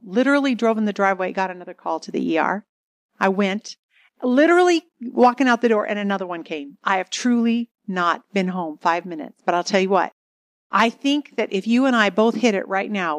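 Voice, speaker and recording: A middle-aged woman speaking at a marriage seminar, telling an animated, dramatic story to an audience. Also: mid-range voice, no echo, studio quality.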